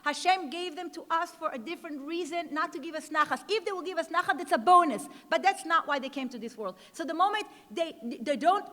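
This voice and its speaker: A woman's voice: very high voice, fairly quick, few pauses, a bit bright. A woman giving an inspirational speech at a gala, telling stories and repeating key words for emphasis. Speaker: speaker at an education gala. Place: large event hall. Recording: long hall reverb.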